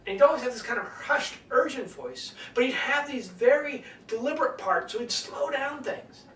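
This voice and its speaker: A man coaching public speaking, swinging between loud and soft delivery to demonstrate, in an echoey room away from the mic. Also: very high voice, sing-song, normal speed, distant mic, a little hiss or hum. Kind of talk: teaching lesson.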